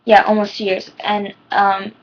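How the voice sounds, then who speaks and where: A woman's voice: medium pitch, completely flat delivery, measured pace, dull audio. A teenage girl giving personal advice in a rambling, heartfelt vlog, her voice shaking near tears. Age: teens. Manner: rambling, heartfelt, many ums. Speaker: vlogger.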